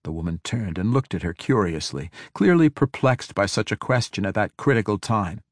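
Male audiobook narrator, low register, measured and dramatic, dry booth. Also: animated, no echo. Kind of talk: scripted fantasy narration.

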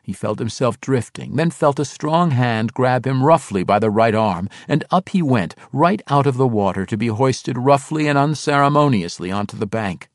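Expressive male fantasy audiobook narrator. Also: medium pitch, normal speed, few pauses, dry recording, studio quality. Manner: expressive, dramatic.

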